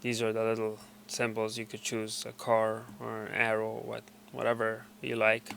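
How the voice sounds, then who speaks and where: A man's voice: on the low side, monotone, normal speed, gravelly, fairly bright tone, slight background noise. A man casually walking viewers through device settings step by step, with a loose, hesitant delivery full of fillers and restarts. He often stops mid-sentence and starts again. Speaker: tutorial presenter. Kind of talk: casual screen walkthrough.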